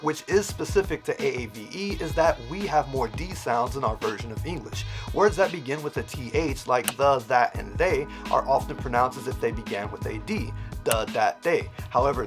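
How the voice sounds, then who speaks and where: A man's voice: mid-range voice, expressive, moderate pace, few pauses. A man who teaches language, patiently explaining points and demonstrating examples in an educational vlog. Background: prominent background music.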